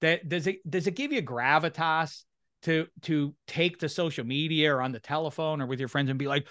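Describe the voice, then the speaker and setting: A high-pitched man with a bright, forceful tone hosts a casual sports podcast. He rants and scolds in a playful, mocking way. His voice sounds close and dry, with no room sound. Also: moderate pace, no echo. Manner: animated ranting, mock complaints. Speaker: podcast host.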